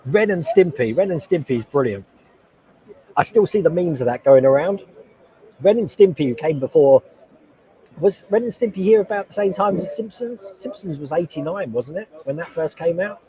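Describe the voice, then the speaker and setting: A man's voice: a little high, animated, moderate pace, mellow, poor audio. Chatty man in his forties. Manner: rambling and chatty, reading chat comments aloud. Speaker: host. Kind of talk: casual livestream chat. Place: loud convention hall. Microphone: noise-cancelling headset.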